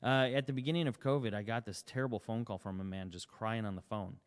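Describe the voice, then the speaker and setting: A man's voice: lowish voice, fairly even intonation, quick pace, big-room sound. A man giving an emphatic sales presentation, asking rhetorical questions and acting out short dialogues. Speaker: company CEO presenting.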